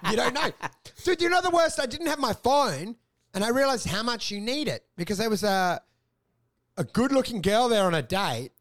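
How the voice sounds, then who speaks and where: A man with a notably high-pitched voice rambles through crude, animated stories. He talks in a loose, casual podcast manner. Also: moderate pace. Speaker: podcast co-host. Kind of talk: casual comedic chat.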